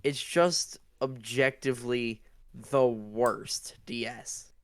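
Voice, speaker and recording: A man holding forth on a casual podcast, his voice smooth and resonant. He talks in emphatic bursts, quick to rant and just as quick to laugh it off. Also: medium pitch, fairly even intonation. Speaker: podcast host. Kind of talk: casual chat.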